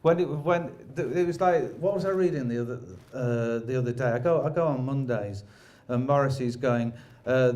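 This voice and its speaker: A man tells stories in loose, rambling chat, mocking himself and laughing as he goes. His voice sits at an ordinary middle pitch with a dark, mellow tone. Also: moderate pace, hardly any pauses. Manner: rambling, self-deprecating, laughs often. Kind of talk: casual anecdotal chat.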